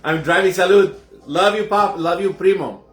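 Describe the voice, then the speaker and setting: A man's voice: high-pitched, normal speed, fairly bright tone, faint music behind. A man hosting a casual home cocktail show, chatting straight to his viewers. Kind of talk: casual live cocktail demo. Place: indoors at home. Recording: roomy echoey room.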